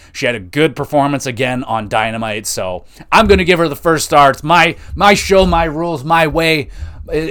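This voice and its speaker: A man hosting a wrestling podcast alone, talking casually and excitably, swearing often and restarting his sentences as he rambles. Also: medium pitch. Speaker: podcast host.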